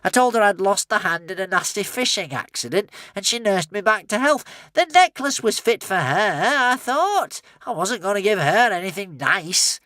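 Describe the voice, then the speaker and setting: A man's voice: sits high, very animated, normal speed, hardly any pauses, sharp tone, no room sound, voice pushed up, exaggerated voice. A man reading an audiobook voicing a smug, impatient male villain. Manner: impatient, self-satisfied.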